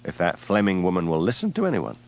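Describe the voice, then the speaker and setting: A man playing a lazy, easygoing village policeman with a Scottish Highland accent, mild and unhurried. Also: wildly swooping pitch, a little mellow, highs cut off, exaggerated voice. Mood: dry.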